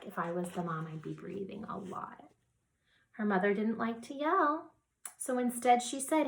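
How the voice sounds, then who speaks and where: A woman teacher reading a picture book aloud to young children, gentle and soothing with soft whispered asides. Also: a little high, unhurried, vocal fry.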